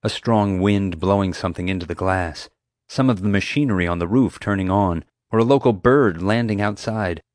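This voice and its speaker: Lower-voiced man narrating an audiobook. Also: normal speed, darkish tone, dry recording, clean studio sound. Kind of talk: scripted first-person narration.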